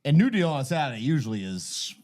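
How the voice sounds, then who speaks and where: A man's voice: medium pitch, sing-song, fast, a little mellow. Profane rambling man. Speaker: podcast host. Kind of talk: casual storytelling chat.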